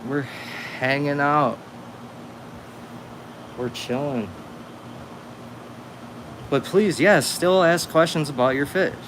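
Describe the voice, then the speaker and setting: A man's voice: on the high side, slow pace, long pauses, a bit bright, slight background noise. A young man hosting a casual livestream from home, talking in a laid-back, rambling way full of slang. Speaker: livestream host. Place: at home with a cat. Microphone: phone livestream.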